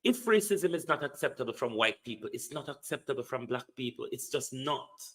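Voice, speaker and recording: A man's voice: mid-range voice, lively intonation, brisk, fairly bright tone. A Jamaican man hosting a political commentary livestream, preachy and impassioned, hammering key words and answering viewers. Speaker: online show host.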